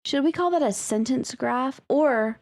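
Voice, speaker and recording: A woman's voice: high-pitched, creaky, a little mellow. A woman co-hosting a podcast, chatting casually and laughing often while talking about a story. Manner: unhurried, drawn out, laughs often. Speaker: podcast co-host.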